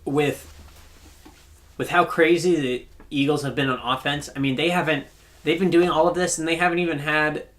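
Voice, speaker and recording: A podcast co-host chats casually about football, full of fillers and restarts. His fairly high, fairly bright voice keeps a fairly even intonation at a moderate pace.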